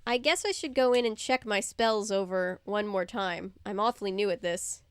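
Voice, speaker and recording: A young girl new to magic speaks earnestly and a bit unsure of herself, as a woman reads her lines. The voice is smooth and clear, recorded dry and close. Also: mid-range voice, moderate pace, no room sound, lightly acted.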